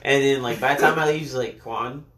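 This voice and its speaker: A man's voice: medium pitch, fairly quick, fairly bright tone, far from the mic. A young man in casual chat with friends, telling a rambling anecdote and acting out the quotes. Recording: echoey room.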